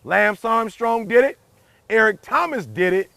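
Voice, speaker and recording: A man's voice: high voice, lively intonation, measured pace, creaky, bright, forceful tone, no room sound. A man giving a motivational speech in an emphatic, preachy way, repeating his key lines and driving each point home. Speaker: motivational speaker.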